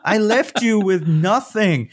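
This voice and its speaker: Fed-up, incredulous God, high and shrill, played by a man in a podcast bit. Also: animated, slow, slight background noise. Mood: exasperated. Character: exasperated God, male, fed up with humans.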